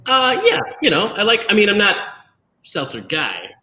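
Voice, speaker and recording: A man's voice: high voice, huge pitch swings, normal speed, pushed and bright, rough recording. A man hosting a casual live-stream chat over a video call, joking and ribbing his co-hosts. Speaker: host.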